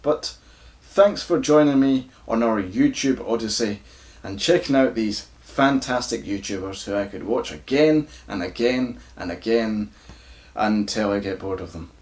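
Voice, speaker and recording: A Scottish YouTuber with a croaky voice, casually flubbing takes and swearing at his own mistakes. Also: lowish voice, measured pace, darkish tone. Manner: swears freely at his own flubs, self-mocking.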